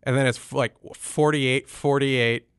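A man co-hosting a casual sports chat, profane and animated, with mock-dramatic outbursts. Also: medium pitch, a little slow, smooth, dry recording, clean studio sound. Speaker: podcast co-host.

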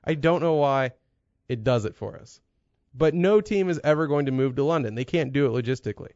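A man's voice: mid-range voice, a little fast, no echo, lo-fi sound. A man co-hosting a casual podcast chat, rambling and profane, telling stories with lots of energy. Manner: rambling, profane, animated storytelling. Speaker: podcast co-host.

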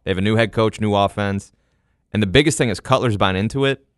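A man co-hosting a podcast, talking sports casually, relaxed and rambling with fillers and quick laughs. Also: fairly low pitch, dry recording, clean studio sound. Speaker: podcast co-host.

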